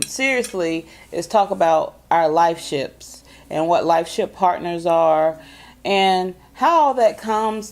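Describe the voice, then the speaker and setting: A woman's voice: lowish voice, creaky, a little mellow. A woman, hosting a casual, folksy chat to camera. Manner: chatty, folksy, drawn-out emphasis. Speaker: vlog host.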